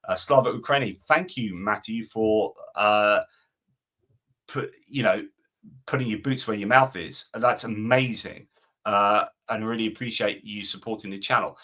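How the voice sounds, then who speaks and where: A man's voice: on the low side, unhurried, pushed and bright. Guy rambling on his live stream, reading chat, pretty opinionated. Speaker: host.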